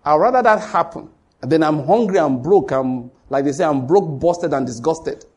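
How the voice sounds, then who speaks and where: Husky-voiced Nigerian pastor preaching. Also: male voice, fairly high pitch, moderate pace. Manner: emphatic, repetitive preaching that addresses the congregation directly. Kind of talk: sermon.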